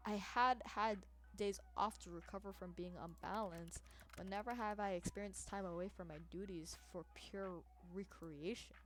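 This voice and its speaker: A woman's voice: mid-range voice, steady tone, moderate pace, soft background music, natural voice. A woman voicing a haughty, aloof male Grim Reaper in a game read aloud, formal and stiff in how he talks. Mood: matter-of-fact. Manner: formal, stiff, calls others mortal. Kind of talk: reading a visual novel aloud.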